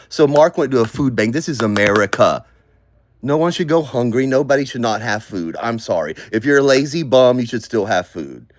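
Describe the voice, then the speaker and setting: A man vlogging casually, muttering to himself as he scrolls through comments, then breaking into loud rants. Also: mid-range voice, expressive, normal speed.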